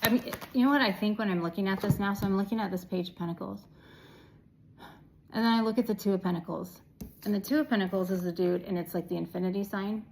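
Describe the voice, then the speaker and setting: A woman's voice: mid-range voice, fast, vocal fry, a little mellow, a little hiss or hum, poor audio. A woman giving a casual, chatty tarot reading to her viewers, affirming and blunt, with an occasional swear. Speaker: tarot reader.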